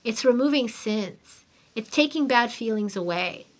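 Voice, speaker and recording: A middle-aged woman hosting a podcast, telling a story in an animated, emphatic, conversational way. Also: on the high side, a little slow. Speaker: podcast host. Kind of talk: casual storytelling monologue.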